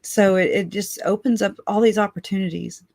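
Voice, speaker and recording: A woman hosting a casual livestream, rambling warmly and laughing often as she reads out and thanks viewers for their comments. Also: medium pitch, steady tone, a little fast, vocal fry, dry recording, studio quality. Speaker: livestream host.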